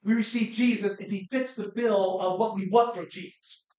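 A woman pastor preaching a sermon, swinging between fervent shouts and quiet, low asides. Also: steady tone, moderate pace. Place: church sanctuary. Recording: very echoey hall, mic far off.

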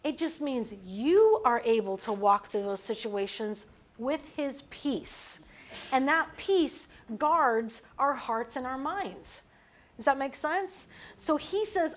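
A woman leading a Bible study, teaching in an animated way and putting questions to her group. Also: sits high, slow pace.

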